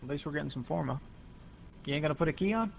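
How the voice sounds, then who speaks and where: Fast-talking blunt male gamer. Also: fairly high pitch, lively intonation, creaky, dull audio. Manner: blunt, swears freely. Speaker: gamer on a stream. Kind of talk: casual chat while gaming.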